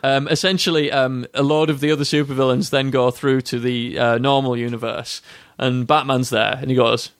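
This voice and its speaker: A man's voice: medium pitch, level tone, normal speed, few pauses, no room sound, studio quality. A man, co-hosting a podcast and rambling through a story with plenty of swearing. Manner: rambling, sweary retelling with put-on voices. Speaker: podcast co-host. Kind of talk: casual chat.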